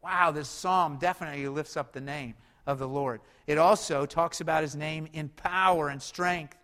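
High-voiced preacher in a reverberant hall. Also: male voice, fairly even intonation, moderate pace, sharp tone. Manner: preaching with rising emphasis and rhetorical questions. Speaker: pastor. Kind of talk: sermon.

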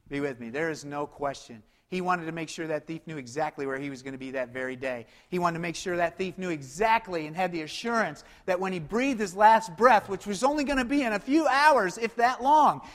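Guy preaching, high voice, goes loud then real quiet, big echoey hall. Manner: animated preaching, swinging from shouts to hushed lines. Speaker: pastor. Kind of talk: sermon. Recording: long hall reverb.

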